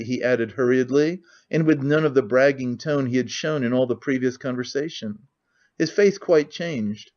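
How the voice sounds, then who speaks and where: A man's voice: medium pitch, moderate pace, darkish tone. Man reading an audiobook, muffled sound. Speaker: audiobook narrator.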